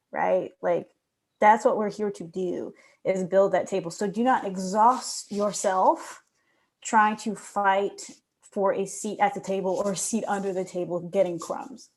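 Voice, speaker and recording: A woman's voice: mid-range voice, a little mellow. A woman on a panel discussion, speaking in an emphatic, encouraging way.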